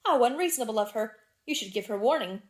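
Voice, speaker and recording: Woman reading as a charming young Victorian gentleman. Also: on the high side, lively intonation, fast, natural voice. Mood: light.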